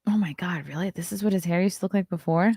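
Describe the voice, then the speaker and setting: A woman hosting a morning show, reading celebrity news aloud and breaking off for quick, wry asides. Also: lowish voice, warm tone, breathy edge, no room sound.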